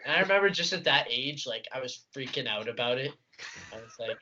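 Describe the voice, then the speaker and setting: A young man co-hosting a casual podcast, laughing and animated while telling work stories. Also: medium pitch, a little fast, a little hiss or hum. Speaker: podcast co-host. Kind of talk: casual storytelling chat. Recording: dull lo-fi podcast audio.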